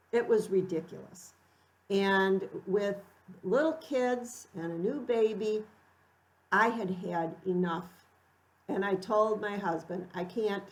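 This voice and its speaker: A middle-aged woman telling a personal story in an unhurried, reflective way, acting out quoted lines with animated lift. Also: mid-range voice, poor audio.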